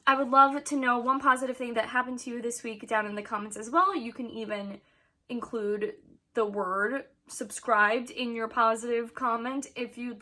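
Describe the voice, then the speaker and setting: A woman's voice: a little high, bright, forceful tone. A young woman chatting casually to her camera as a vlogger, rambling with many ums and frequent laughs.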